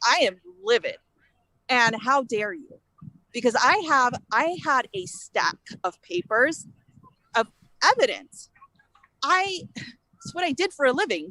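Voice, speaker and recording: A woman from California, a guest telling her story in an animated, indignant way and acting out the exchanges she quotes. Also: sits high, dry recording, poor audio. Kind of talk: casual interview storytelling.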